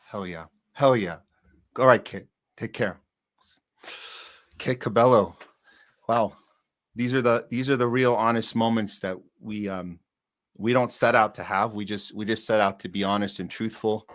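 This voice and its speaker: Low-voiced male podcast host. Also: steady tone, a little slow, pauses often, fairly bright tone. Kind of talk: live podcast talk.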